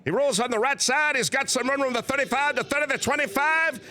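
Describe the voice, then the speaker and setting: A man doing a booming folksy old football announcer. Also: fast talker, sharp tone, a little hiss or hum, full character voice. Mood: excited. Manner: booming folksy play-by-play calling. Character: impression of a veteran male college football announcer.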